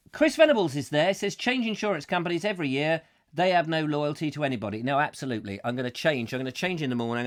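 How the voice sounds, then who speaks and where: A man hosting a comic live chat show, ranting and joking with his viewers. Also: fairly high pitch. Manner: animated, ranting, jokey asides. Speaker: host.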